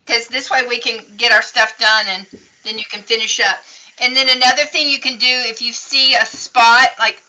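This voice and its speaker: A woman's voice: fairly high pitch, bright, forceful tone, slight background noise, low-quality recording. A woman teaching a casual painting lesson at a craft table, chatty and encouraging as she explains each step. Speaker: craft instructor.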